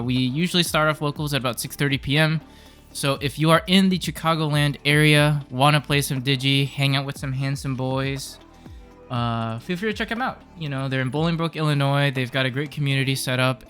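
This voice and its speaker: A man's voice: medium pitch, sharp tone. A man hosting a card game channel, upbeat and chatty as he opens the match commentary. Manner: upbeat, chatty, laughs easily. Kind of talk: casual match commentary intro.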